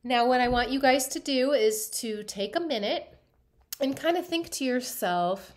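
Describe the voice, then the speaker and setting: A woman teacher reading a picture book aloud to a class, stopping often to ask the students questions in an animated way. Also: fairly high pitch, measured pace.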